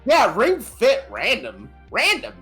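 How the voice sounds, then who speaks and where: A laid-back podcast co-host at a middle pitch, chatting casually and chiming in with jokes and the odd swear. Faint music plays underneath. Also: animated, normal speed, a bit bright. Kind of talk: casual chat.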